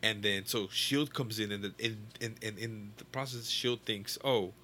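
A man's voice: on the low side, fairly even intonation, normal speed, sharp tone, a little hiss or hum. A young man casually retelling a comic book story to a friend, rambling and swearing, full of fillers and restarts. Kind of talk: casual chat.

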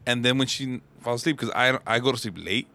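A young man co-hosting a casual podcast, telling a story with animated bursts of acted-out yelling. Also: mid-range voice, brisk. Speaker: podcast co-host. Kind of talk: casual chat.

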